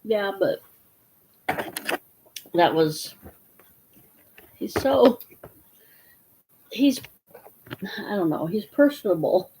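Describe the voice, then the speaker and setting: A woman's voice: mid-range voice, expressive, very slow, long pauses, mellow, slight background noise, poor audio. A woman chatting casually, rambling and trailing off mid-sentence, laughing easily. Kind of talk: casual chat.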